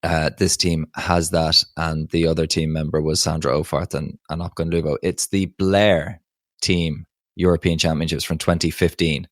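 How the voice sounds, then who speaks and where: A man's voice: very deep voice, flat delivery, normal speed, no room sound, studio quality. A man co-hosting a podcast, chatting casually and with emphatic enthusiasm. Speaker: podcast co-host.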